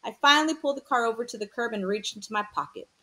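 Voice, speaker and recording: A woman's voice: on the high side, rapid-fire, pushed and bright. Woman voicing a scared, slangy teenage boy. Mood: tense. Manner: slangy, tense storytelling. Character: troubled teenage boy telling a painful story.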